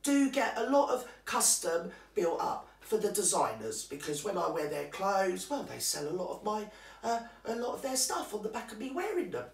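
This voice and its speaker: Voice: mid-range voice, big pitch swings, normal speed, vocal fry, recorded from a distance. A performer mimicking a vain, self-pitying posh woman who whines for sympathy. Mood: whiny. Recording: roomy sound from away from the mic.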